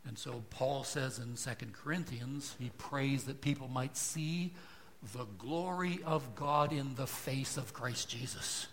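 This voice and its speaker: A man preaching a sermon to a congregation, asking rhetorical questions and moving between hushed, soft passages and loud, emphatic lines. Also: mid-range voice, a little slow, a little hiss or hum. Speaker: pastor. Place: church.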